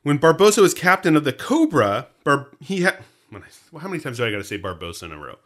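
A man's voice: fairly high pitch, very animated, fast. A man co-hosting a podcast in casual, jokey chat, often laughing. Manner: chatty, jokey, frequent laughter. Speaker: podcast co-host.

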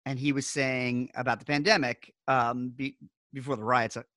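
A man's voice: medium pitch, flat delivery, moderate pace, pushed and bright, dry recording, clean studio sound. A middle-aged man hosting a podcast, telling rambling wry stories in casual chat. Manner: rambling, wry storytelling with filler words. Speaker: podcast host.

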